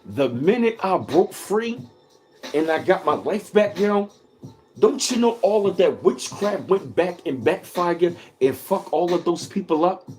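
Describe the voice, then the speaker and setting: A man's voice: high voice, animated, measured pace, darkish tone, slight background noise. A man hosting a casual livestream, talking emphatically and repetitively with heavy swearing, greeting chat viewers by name. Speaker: livestream host reading chat.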